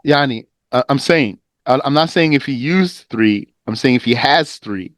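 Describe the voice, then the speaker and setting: A man teaching a lesson on a legal text, reading passages briskly, translating them slowly and quizzing his students in a conversational manner. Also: medium pitch, no room sound. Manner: lively, explanatory, conversational. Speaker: teacher of Islamic law.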